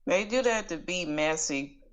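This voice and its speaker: A woman's voice: lowish voice, expressive, measured pace. A woman co-hosting a candid casual chat, speaking frankly and matter-of-factly. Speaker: podcast co-host.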